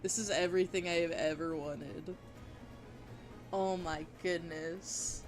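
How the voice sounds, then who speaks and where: A woman chatting casually on a livestream while she draws, gushing and giggling, with bursts of excitement and casual swearing. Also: on the low side, slow pace, faint music behind. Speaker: art streamer.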